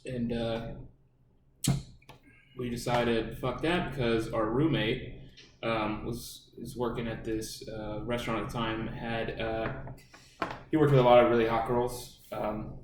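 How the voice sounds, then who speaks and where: A man's voice: medium pitch, little pitch movement, measured pace. A young man co-hosting a casual podcast, telling a rambling, profane story full of fillers. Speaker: podcast co-host. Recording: roomy room, distant mic, faint noise.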